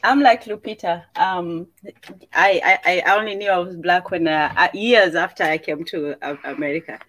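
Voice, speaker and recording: A woman from Kenya joining a casual discussion, playful and quick to laugh. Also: lowish voice, fairly bright tone, poor audio.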